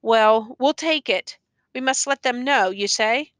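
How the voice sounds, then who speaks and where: A woman reading the part of an older farmer who has just lost his son, asking short, halting questions in an audiobook. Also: on the high side, a bit bright, dry recording. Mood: shaken, dazed. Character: grieving older white farmer father, man.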